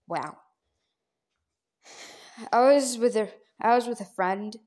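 A woman with a slightly high voice tells a casual, rambling story to her audience. Her pitch and loudness jump up without warning. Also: slow pace. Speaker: vlogger.

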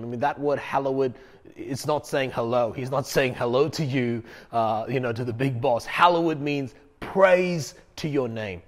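A man's voice: mid-range voice, normal speed. A male pastor preaching a sermon in an emphatic, conversational way, repeating key phrases.

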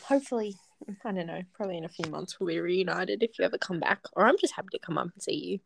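A woman's voice: on the low side, fast, vocal fry. A young woman, co-hosting a podcast in casual chat, laid-back and reassuring, laughing often. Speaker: podcast co-host. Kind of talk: casual chat between friends.

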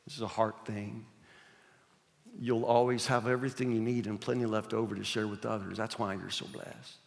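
A man's voice: lowish voice, flat delivery, moderate pace, creaky. A male pastor preaching a sermon in an earnest, emphatic way, repeating his key points. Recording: long hall reverb.

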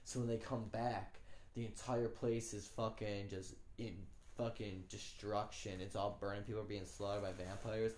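A young man chatting excitedly about his tabletop game, swearing a lot. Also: fairly low pitch, normal speed. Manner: excitable, swears a lot, slips into acted voices. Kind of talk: casual chat. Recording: echoey room, faint background noise.

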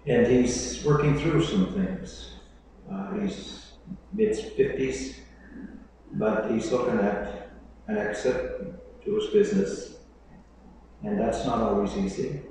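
A man's voice: mid-range voice, takes it slowly, vocal fry, pauses often, a little mellow, slight background noise. Male pastor, sermon delivery, mid-range voice, distant mic in a reverberant hall. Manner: preaching with dramatic quoted voices, conversational asides.

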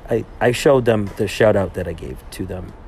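A young man with a low-pitched voice chats through his podcast in a loose, meandering way. He restarts his sentences often and leans on fillers as he goes. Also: moderate pace, darkish tone, a little hiss or hum. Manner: rambling, heavy on fillers and restarts. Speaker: podcast host. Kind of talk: casual monologue, retelling a trip.

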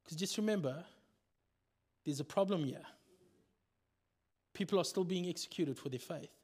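A male pastor preaching a sermon in an animated storytelling manner, acting out the scenes. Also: fairly high pitch, moderate pace.

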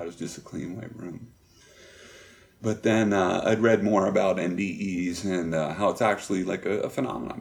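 Deep gravelly middle-aged man, halting. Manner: halting and reflective, many pauses and fillers. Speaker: guest. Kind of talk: candid personal storytelling.

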